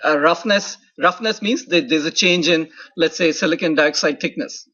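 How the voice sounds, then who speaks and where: Husky-voiced male lecturer, dull recording. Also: on the high side, moderate pace, bright, forceful tone. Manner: explanatory, often adds "right?" and "okay?" checks. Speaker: university lecturer. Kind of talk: classroom lecture.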